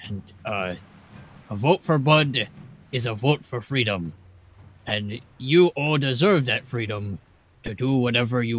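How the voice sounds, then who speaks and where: A man voicing a slow, simple-minded male ogre who talks in short, plain phrases during a tabletop game. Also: mid-range voice, fairly bright tone, a little hiss or hum. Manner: slow, plain halting speech. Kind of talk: tabletop role-play in character.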